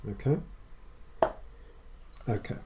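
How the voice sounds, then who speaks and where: A man narrating a tabletop game as dungeon master, halting often with fillers and restarts. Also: very noisy.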